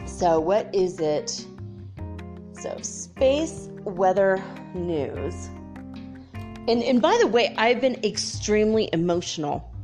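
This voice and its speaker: A woman in her fifties hosting a casual spiritual chat show, telling stories in a chatty, animated way and laughing often. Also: medium pitch, takes it slowly, faint music behind. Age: 50s. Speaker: host.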